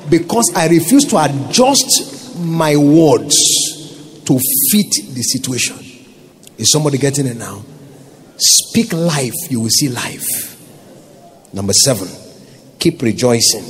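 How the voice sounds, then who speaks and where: High-voiced Nigerian pastor preaching. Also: male voice, slight background noise. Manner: preaching with rhetorical questions to the congregation. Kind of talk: sermon.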